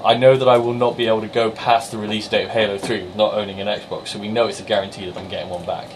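Lower-voiced man with a Somerset accent, podcast co-host, playful and chatty. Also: flat delivery, a little hiss or hum, rough recording. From Somerset, England. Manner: chatty, jokey, quick to laugh. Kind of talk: casual banter and game reviews.

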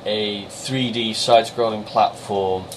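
Lower-voiced man with a Somerset accent, podcast co-host, playful and chatty. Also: fairly even intonation, noisy background. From Somerset, England. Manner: chatty, jokey, quick to laugh. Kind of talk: casual banter and game reviews.

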